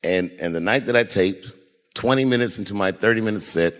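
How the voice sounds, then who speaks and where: A man's voice: on the low side, fairly quick. A man telling a long, profane story on stage as a stand-up comedian.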